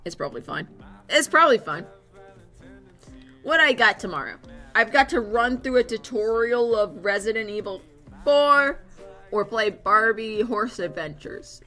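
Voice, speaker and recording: A woman's voice: mid-range voice, pushed and bright. Chatty young woman with a sore throat. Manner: chatty, rambling, swears freely. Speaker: streamer and artist. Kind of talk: casual chat while drawing on stream.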